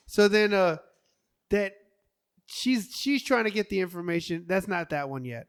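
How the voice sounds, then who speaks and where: A man's voice: sits high, unhurried, clear, resonant tone. A man co-hosting a casual podcast, retelling movie scenes with lots of energy, sound effects and little voices. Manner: animated storyteller, does sound effects and voices. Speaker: podcast co-host. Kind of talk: casual chat.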